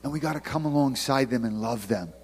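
A man's voice: mid-range voice, fairly quick. A man who works as an evangelist, giving a casual, conversational sermon full of stories and restarts. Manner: conversational storytelling, many restarts. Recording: long hall reverb.

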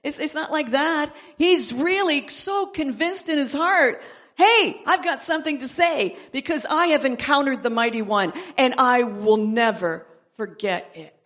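A woman's voice: sits high, unhurried, a bit bright. A woman preaching a sermon, reading scripture aloud with asides, then building to emphatic repeated exhortations. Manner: reads verses aloud, breaks off with asides and laughs.

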